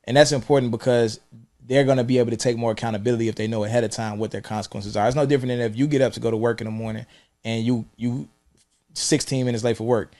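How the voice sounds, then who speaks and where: A man's voice: mid-range voice, fast talker. A man who used to teach, chatting casually and acting out stories on a podcast. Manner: relaxed, storytelling, acts out yelling. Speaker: former teacher.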